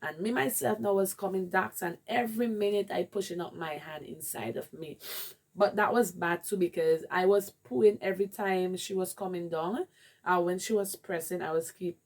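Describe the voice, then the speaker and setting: A woman's voice: lowish voice, moderate pace. A woman with a Jamaican accent candidly telling a rambling personal story in a vlog. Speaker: vlogger.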